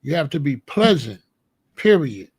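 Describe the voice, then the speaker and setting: Man, high voice, dry close sound, blunt and scolding commentator delivering an opinion monologue. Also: sing-song, measured pace, vocal fry, darkish tone, breathy edge, dry recording. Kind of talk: opinionated monologue to a live chat.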